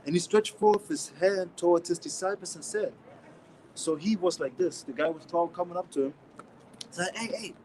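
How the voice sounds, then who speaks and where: German-accented man, street-preacher type, casual scripture talk, slightly high voice, faint noise behind. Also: normal speed, rough recording. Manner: casual slangy talk with many restarts, reads verses louder. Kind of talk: informal scripture teaching.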